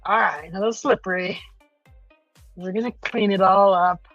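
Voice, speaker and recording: A chatty woman hosting a livestream from home, reading out viewer comments and rambling with plenty of "uh" fillers. Her voice sits in a middle pitch, and the sound is dry and a little dull and lo-fi. Faint music plays under her talk. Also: steady tone, normal speed, a bit bright, no echo. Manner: chatty, rambling, many "uh" fillers, laughs often. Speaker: livestream host.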